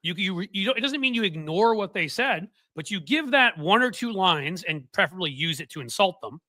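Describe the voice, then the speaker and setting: Sarcastic bright-voiced male political host. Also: high voice, brisk, no echo. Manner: sarcastic, rambling, animated. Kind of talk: casual political chat.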